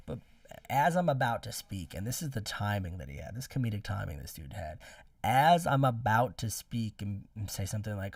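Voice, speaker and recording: A man's voice: fairly low pitch, lively intonation, fairly quick, no echo, clean studio sound, recorded from a distance. A man reviewing songs in rambling, casual commentary, swearing freely. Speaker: music reviewer streamer.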